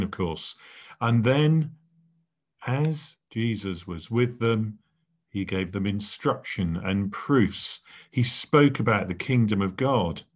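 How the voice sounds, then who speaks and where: Slow, measured vicar, lo-fi. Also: male voice, lowish voice. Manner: measured, deliberate, with pauses between phrases. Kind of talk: sermon. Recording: dull lo-fi recording.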